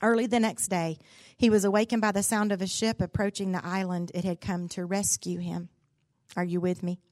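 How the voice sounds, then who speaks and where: A woman's voice: medium pitch, level tone, brisk, darkish tone, no echo. A woman, a pastor's wife giving a devotional talk in a folksy, candid, humorous storytelling way. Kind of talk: sermon-style devotional storytelling.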